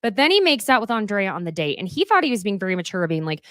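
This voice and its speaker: A young woman from Oklahoma hosting a sassy, animated recap chat, dropping into hushed asides and quoted voices. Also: medium pitch, fast talker, few pauses, clear, resonant tone, dry recording, clean studio sound. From Oklahoma, USA. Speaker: host.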